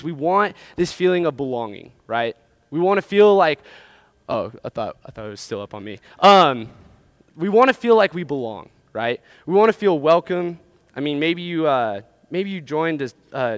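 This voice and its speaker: A young man delivers a sermon to college students, spinning a personal story and checking in with "right?" as he goes. His voice sits slightly high and comes through smooth and clear. The sound is dry, with almost no room echo. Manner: animated storytelling with frequent "right?" asides. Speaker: campus ministry speaker.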